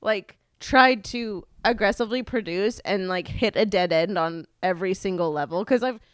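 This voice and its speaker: A woman's voice: medium pitch, normal speed, clean tone, no room sound. A woman co-hosting a podcast in casual chat, playful and dramatic, laughing often. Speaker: podcast co-host.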